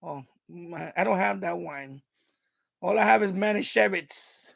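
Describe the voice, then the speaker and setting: A man's voice: high-pitched, measured pace, gravelly, a bit bright, no room sound. A man with a New York accent, hosting a live stream and rambling casually with lots of laughter and restarts.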